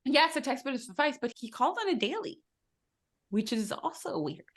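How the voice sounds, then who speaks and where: A woman's voice: high voice, sing-song, a little fast. A young adult woman co-hosting a podcast, giving blunt, emphatic opinions in casual chat. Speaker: podcast co-host.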